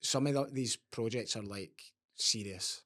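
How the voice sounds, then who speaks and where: A man's voice: lowish voice, sharp tone. A man hosting a casual trade podcast, asking questions with restarts and agreeing often. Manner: halting, restarts questions, frequent "yeah" backchannels. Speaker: podcast host, interviewer.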